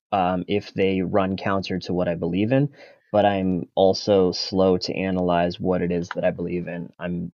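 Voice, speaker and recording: A man's voice: sits low, a little mellow, dry recording, muffled recording. A man, a bar manager guest on a podcast, talking bluntly and sarcastically with some profanity. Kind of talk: casual podcast chat.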